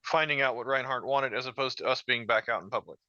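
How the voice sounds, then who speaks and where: Player guy being earnest, smooth bright voice, dull dry mic. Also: mid-range voice, fast talker, dry recording. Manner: earnest, uses many fillers. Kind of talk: casual out-of-character table talk.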